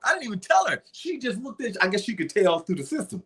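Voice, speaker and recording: A young man tells his story on a casual podcast, jumping between his own voice and the people he quotes. His talk is animated and salty, and his pitch swings widely as he gets into it. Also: fast. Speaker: guest telling his story.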